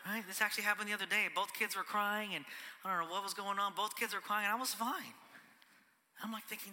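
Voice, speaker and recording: A man preaching to his congregation in a very bright, ringing voice, pitched a little high. He talks casually, keeps checking in with the room, and sometimes drops to a hush for emphasis. His voice trails off into the long reverb of a church hall. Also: quick pace. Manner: conversational preaching, often ends on "right?", drops to a whisper for emphasis. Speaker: pastor. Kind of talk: sermon.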